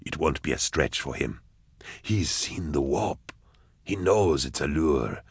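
Man doing a low, scheming villain. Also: lively intonation, slow, creaky, slightly rough, no room sound, studio quality, full character voice. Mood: menacing. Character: scheming, ruthless male villain leader.

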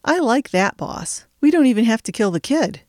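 A dim, jumpy henchman, put on by a woman reading a story, his voice rising high and pleading. He sounds eager to please and quick to panic, in a dry, close recording. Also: sing-song, a little mellow, no room sound.

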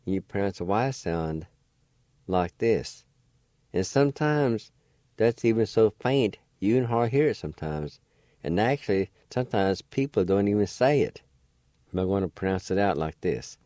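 A man's voice: on the low side, expressive, moderate pace, dark tone, dry recording, studio quality. A man teaching a language lesson, patiently spelling out words letter by letter and sounding out syllables one at a time. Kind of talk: slow spelling and pronunciation lesson.

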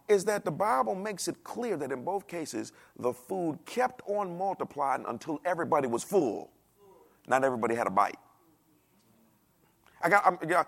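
A man preaching a sermon in a dialect, animated, asking the congregation questions and acting out the voices of the people he quotes. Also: fairly high pitch, creaky. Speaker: pastor.

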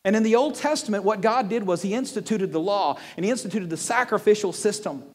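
A man preaches to a congregation with an animated, joking delivery, often stumbling over and repeating words. His voice sits high for a man. The sound carries a long reverb from the hall. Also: fast talker. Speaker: pastor. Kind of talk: sermon. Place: church hall with audience.

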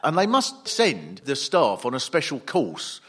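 A man's voice: medium pitch, huge pitch swings, measured pace, fairly bright tone, breathy edge. A man on a comedy panel, ranting animatedly for laughs. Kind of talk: comic panel banter.

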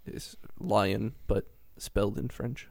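A man's voice: lowish voice, slow, creaky, no room sound. A man co-hosting a podcast, rambling through a casual plot recap and chuckling as he goes. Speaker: podcast co-host recapping a game. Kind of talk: casual chat.

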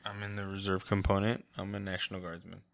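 A man in his thirties chatting casually with his younger brother, a relaxed storyteller who laughs through his anecdotes. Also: low voice, fast, vocal fry. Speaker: interview guest, older brother. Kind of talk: casual family conversation.

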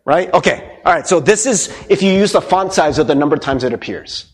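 A man preaching a sermon as pastor, playful and animated, asking the congregation many questions. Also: on the high side, fairly quick, slightly rough.

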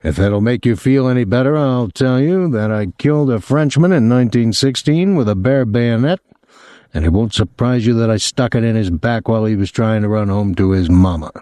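A male narrator voicing a middle-aged immigrant father who speaks in a calm, conversational, coldly menacing way. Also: medium pitch, moderate pace, no echo, studio quality, natural voice.

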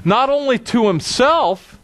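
A male pastor preaching a sermon with emphatic, dramatic delivery. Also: slow. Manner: animated, emphatic, dramatic drops to a low voice.

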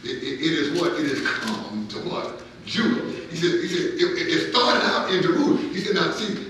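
A pastor preaching a Bible-study sermon, emphatic and repetitive, stuttering over words as he builds toward near-shouts. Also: a little high, very animated, moderate pace, a little hiss or hum. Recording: very echoey room, mic far off.

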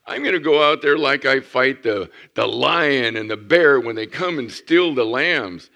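A man's voice: mid-range voice, expressive, a little slow, creaky, bright, forceful tone, pitched above the performer's own voice, full character voice. A man voicing a young shepherd boy who speaks fiercely and defiantly. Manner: fierce, declaring.

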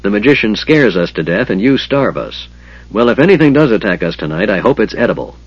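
A man voicing a gruff, grumbling old male dwarf who snaps his words. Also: on the low side, very animated, brisk, no room sound, dull audio. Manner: grumbling, snappish.

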